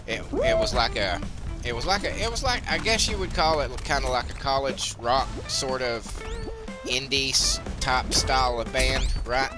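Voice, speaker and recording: A man's voice: mid-range voice, normal speed. Southern man with a twangy drawl, candid rambling game commentary, music behind him. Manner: rambling, candid, swears freely. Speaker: gaming channel host. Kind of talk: casual gameplay commentary.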